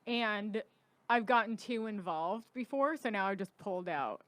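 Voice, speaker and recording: A woman in her early thirties, a comedian guest on a podcast, trading teasing, quick-witted banter in casual chat. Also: medium pitch, a bit bright, dry recording. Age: 30s.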